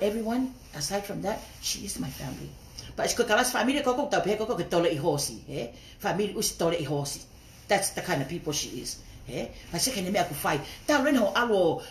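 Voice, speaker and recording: A woman vents on a livestream, heated and foul-mouthed. Her voice sits at an ordinary middle pitch. The room around her rings with a noticeable echo. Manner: angry, profane, keeps tagging lines with "he?".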